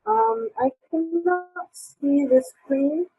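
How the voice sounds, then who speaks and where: A woman's voice: very high voice, lively intonation, extremely slow, gravelly, no echo, faint music behind. A woman teaching a live online English class, hesitant and full of fillers, over dull lo-fi call audio. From Tunisia.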